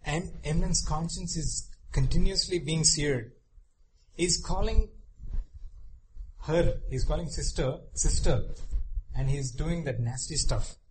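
Earnest male preacher, slightly high voice. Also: slow pace, pauses often, darkish tone, a little hiss or hum, poor audio. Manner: earnest, repetitive, with frequent restarts and you-knows. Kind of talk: sermon.

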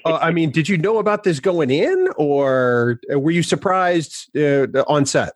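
Animated man co-hosting a podcast. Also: on the high side, measured pace, no echo, clean studio sound. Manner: laughing, eager, joking. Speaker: podcast co-host. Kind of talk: casual interview questions.

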